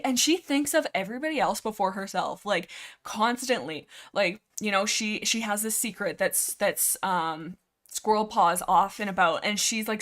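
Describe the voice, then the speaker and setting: A woman with a mid-range voice hosts a casual book discussion livestream. She rambles excitably into a headset mic, her speech packed with fillers.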